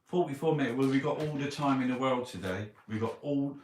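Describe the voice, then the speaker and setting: A middle-aged man with a Cockney accent rambles through a newspaper review in a casual monologue, grumbling and swearing to himself. His mid-range voice is a little mellow, and he talks fast. The distant mic picks up a roomy space and background noise.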